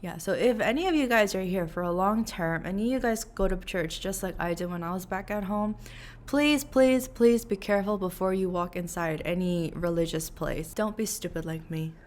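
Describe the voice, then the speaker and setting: A young woman vlogs in a loose, chatty way, full of fillers and "like". Her voice sits at an ordinary middle pitch for a woman. She keeps acting out little quotes as she tells her story. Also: moderate pace. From New York, USA. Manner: chatty, animated, lots of fillers and acted quotes. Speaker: vlogger. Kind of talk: casual storytelling vlog.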